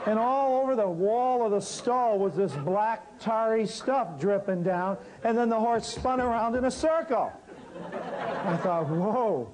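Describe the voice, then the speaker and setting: A man telling a lively story about his work as an herbal healer, acting out the people he quotes. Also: sits high, measured pace, a faint crowd, poor audio. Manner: animated storyteller, acts out quotes. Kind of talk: storytelling talk.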